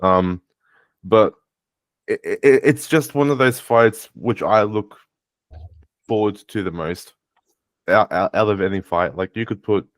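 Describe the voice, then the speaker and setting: A man co-hosting a podcast in casual chat. He calls his own voice monotone, often restarts his sentences and swears now and then. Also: fairly low pitch, a little slow, long pauses, no echo. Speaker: podcast co-host.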